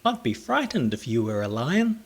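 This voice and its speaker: Guy doing a sweet lady snail, gently amused, husky-ish and lilting. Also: mid-range voice, sing-song, moderate pace. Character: kindly female snail.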